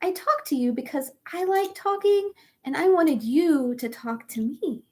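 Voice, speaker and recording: A woman plays a talkative little hamster from a storybook, hesitant and earnest. The voice sits a bit high and moves slowly. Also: lively intonation. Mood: apologetic. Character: chatty, apologetic male hamster.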